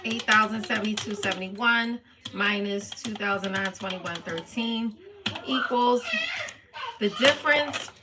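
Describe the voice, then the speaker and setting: A woman's voice: mid-range voice, measured pace, background noise. A woman hosting a livestream, reading out her monthly spending figures and explaining them step by step to viewers. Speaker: budgeting livestream host. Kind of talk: casual budget walkthrough livestream.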